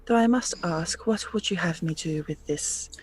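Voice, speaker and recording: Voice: medium pitch, moderate pace, husky. A guest player speaking in character with formal, dry phrasing in a tabletop game. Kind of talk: in-character tabletop role-play.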